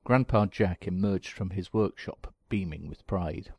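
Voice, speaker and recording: Slow deep gravelly male storyteller. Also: a little mellow, dry recording. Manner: dry, wry delivery. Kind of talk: scripted narration.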